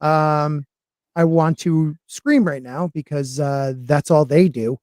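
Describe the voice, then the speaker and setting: A man's voice: fairly high pitch, slow, darkish tone, no echo. Brief: male podcast host from Connecticut, loose and jokey, self-deprecating, dry close sound. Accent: Connecticut, near New York. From western Connecticut, US. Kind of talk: casual live-stream chat.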